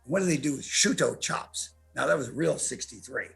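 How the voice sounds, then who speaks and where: A man in his eighties with a heavily gravelly, husky voice tells his stories brashly and with plenty of swearing. He talks as a guest on a podcast, with faint music underneath. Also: medium pitch, moderate pace. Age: 80s. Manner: brash, profane, animated storyteller. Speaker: interview guest, martial artist. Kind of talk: storytelling in a podcast interview.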